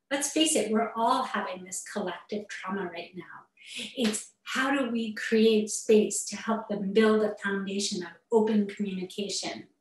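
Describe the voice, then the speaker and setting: A therapist speaking earnestly and personally to parents in an online talk, with muttered asides, heard over a video call. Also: female voice, medium pitch. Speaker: therapist giving a parenting webinar. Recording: echoey room, far from the mic.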